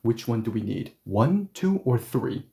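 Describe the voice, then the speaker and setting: Mellow-voiced man teaching a live lesson. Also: mid-range voice, a little slow, creaky. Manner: lively explainer who checks in with listeners. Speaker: Korean language teacher. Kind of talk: live-streamed grammar lesson.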